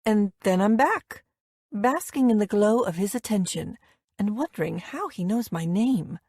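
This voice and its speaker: A woman reading a first-person romance audiobook with lively, wry storytelling. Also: medium pitch, measured pace, breathy edge, no room sound, studio quality. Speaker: audiobook narrator.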